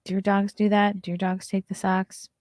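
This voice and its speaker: A woman's voice: medium pitch, completely flat delivery, normal speed, darkish tone, no echo. A young adult woman hosting a casual morning talk show, reading news items aloud and breaking in with blunt, swearing asides. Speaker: podcast host.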